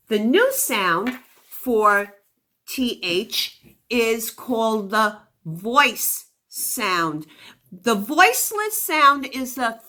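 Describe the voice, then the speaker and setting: A woman teaching a phonics lesson to young children, speaking with slow, drawn-out, exaggerated enunciation. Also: fairly high pitch, sharp tone. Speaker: kindergarten teacher.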